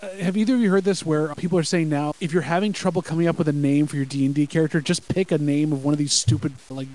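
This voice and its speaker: A man's voice: on the high side, fairly even intonation, fast, warm tone, poor audio. A man co-hosting a casual wrestling podcast, telling stories with wry, dry asides. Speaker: podcast co-host. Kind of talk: casual live-react chat.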